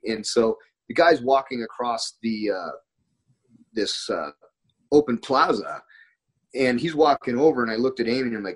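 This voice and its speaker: A man's voice: mid-range voice, normal speed, pauses often, breathy edge, low-quality recording. An American man in casual conversation, telling rambling anecdotes full of quoted dialogue and restarts. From United States.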